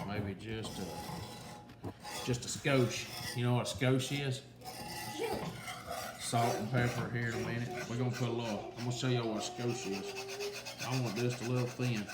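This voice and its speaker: A man's voice: mid-range voice, roomy sound, very noisy. A man, chatting to his viewers as he demonstrates a home recipe in his kitchen. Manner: folksy, chatty, talks straight to viewers. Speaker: home cooking video host. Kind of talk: casual cooking demonstration. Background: whisking and cooking sounds.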